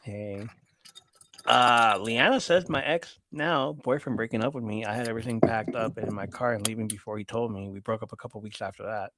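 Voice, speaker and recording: A man's voice: on the low side, fairly quick, pushed and bright. A man hosting a live podcast, casually reading viewer messages aloud and laughing often. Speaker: podcast host reading chat. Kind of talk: casual live-stream chat.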